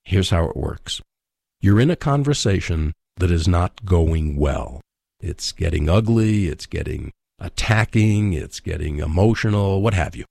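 A low-pitched man with a gravelly edge teaches about relationships on a faith-based radio show. He speaks emphatically, like a preacher, and pauses to stress his points. The studio sound is dry and close. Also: expressive, darkish tone, no room sound.

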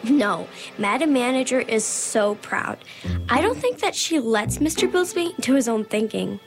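A woman's voice: a little high, animated, a little slow, over music. A woman playing an earnest, polite young woman who runs interviews in an audio drama. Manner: polite and earnest, giggly when nervous.

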